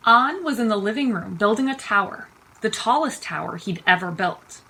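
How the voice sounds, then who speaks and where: A woman teacher reading a children's picture book aloud, expressive and unhurried. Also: mid-range voice, slight background noise, poor audio. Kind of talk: storytime read-aloud.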